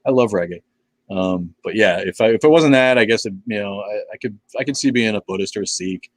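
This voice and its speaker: An older man talks in a low, unhurried voice, blunt and sarcastic, swearing freely as he answers viewer comments. The sound is dry and close, with no room around it. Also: no echo, low-quality recording. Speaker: live stream host. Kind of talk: casual live-stream chat reading viewer comments.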